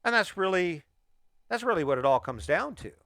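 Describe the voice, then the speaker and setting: A man's voice: high voice, sing-song, brisk, fairly bright tone, no room sound, studio quality. A middle-aged man hosting a motivational podcast, talking emphatically and firing off repeated rhetorical questions. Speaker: podcast host.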